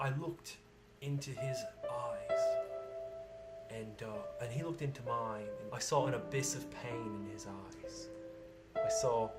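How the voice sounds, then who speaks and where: A man on cat hotel staff speaks earnestly and haltingly, with a mock-dramatic weight. He often restarts his words. Loud music plays underneath. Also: mid-range voice. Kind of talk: mockumentary interview.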